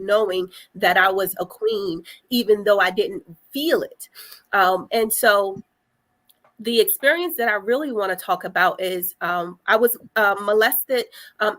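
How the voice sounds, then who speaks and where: A young adult woman telling her story on a panel, soft and hesitant, with frequent pauses. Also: mid-range voice. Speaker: panel guest sharing survivor story. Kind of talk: personal testimony on a panel.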